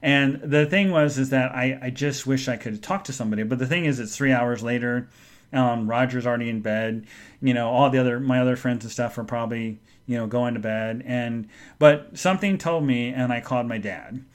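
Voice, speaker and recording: Rambling, emotional middle-aged man. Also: mid-range voice. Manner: rambling, halting, full of restarts. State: emotional, subdued when speaking of his mother. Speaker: podcast host. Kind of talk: personal storytelling monologue.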